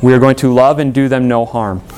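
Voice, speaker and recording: A man preaching a sermon, earnest, with emphatic rises in pitch and soft, low drops when quoting prayers. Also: steady tone, brisk, a little hiss or hum. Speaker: pastor.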